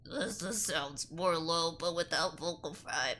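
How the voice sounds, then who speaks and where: A woman streamer chatting casually while reacting to a video, animated and quick to laugh, with lots of filler words. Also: sits low. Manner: animated, giggly, breaks into laughter often; chatty, heavy use of 'like'. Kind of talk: casual livestream reaction chat.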